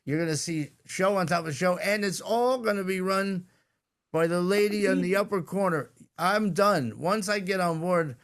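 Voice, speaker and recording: A man hosts a podcast over a video call, chatting away in a relaxed, self-deprecating manner. His voice sits a bit high for a man. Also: moderate pace. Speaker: podcast host. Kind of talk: casual podcast chat.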